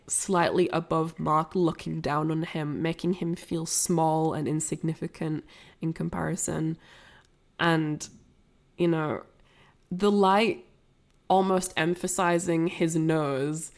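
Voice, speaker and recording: A woman giving a casual, rambling film commentary, full of fillers and restarts. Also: low voice. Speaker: streamer analysing a film.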